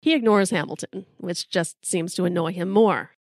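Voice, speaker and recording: A woman's voice: on the low side, normal speed, no echo, studio quality. A middle-aged American woman telling a personal story in a wry, casual, sometimes profane way. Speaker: storyteller host.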